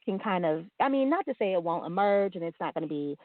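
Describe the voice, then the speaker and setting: A woman's voice: on the low side, expressive, quick pace, dry recording. A woman in casual conversation, telling a family story and acting out the quotes with laughs. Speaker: guest. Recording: tinny phone-like line.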